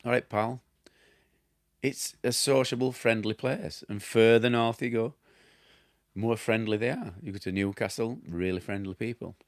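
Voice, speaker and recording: A man's voice: fairly low pitch, fairly even intonation, moderate pace, no echo, clean studio sound. A middle-aged man with a broad Yorkshire accent, chatting casually as he answers viewer questions, rambling, laughing at himself and losing his thread. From Yorkshire, England. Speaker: damp specialist and former plasterer answering viewer questions. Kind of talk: casual chat.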